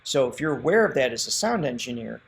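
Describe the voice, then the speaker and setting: A man's voice: medium pitch, sing-song, fast, gravelly, slight background noise. A man hosting a reaction show from a remote spot, talking enthusiastically and explaining vocal technique with frequent restarts. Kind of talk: casual reaction commentary. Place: remote, away from his usual setup.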